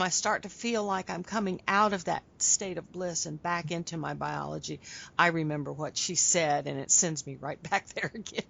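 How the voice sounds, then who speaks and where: Lower-voiced woman host, lo-fi interview. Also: normal speed, gravelly, a bit bright. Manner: friendly, laughs often, asks questions. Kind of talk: interview questions and chat. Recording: dull lo-fi audio.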